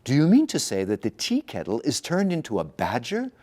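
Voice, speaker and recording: A man's voice: wildly swooping pitch, fairly quick, a little mellow. A man voicing a frightened young novice monk who screams in alarm in a storybook reading. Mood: panicked. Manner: shrill screaming. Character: young male novice monk, easily terrified.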